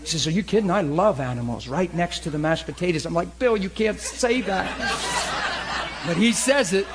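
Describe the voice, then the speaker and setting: Animated man in his forties, preaching. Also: on the high side, fast talker, heavy background noise. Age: 40s. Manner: animated, laughing storyteller. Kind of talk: sermon storytelling.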